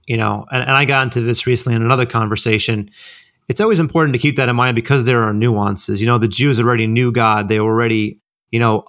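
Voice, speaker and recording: A man co-hosting a ministry podcast, explaining Bible passages in a relaxed way with lots of fillers. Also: mid-range voice, no room sound, clean studio sound. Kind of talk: conversational Bible teaching.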